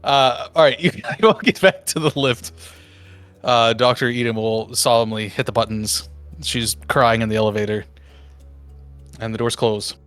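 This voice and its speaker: A young man narrating as game master, relaxed and swearing casually. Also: mid-range voice, moderate pace, clean tone, soft background music.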